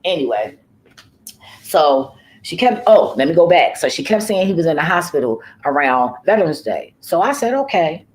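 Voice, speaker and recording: Low-voiced caregiver lady venting on her vlog, swears a lot, keeps trailing off and restarting. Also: very animated, normal speed, low-quality recording. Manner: profane, rambling storytelling. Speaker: home care worker. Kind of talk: casual vlog monologue.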